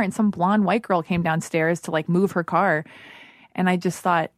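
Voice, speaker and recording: A woman's voice: on the low side, fairly even intonation, moderate pace, no room sound, clean studio sound. Candid, swearing woman podcast host. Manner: candid, emotional, swearing, many restarts. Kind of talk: casual podcast conversation. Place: Los Angeles.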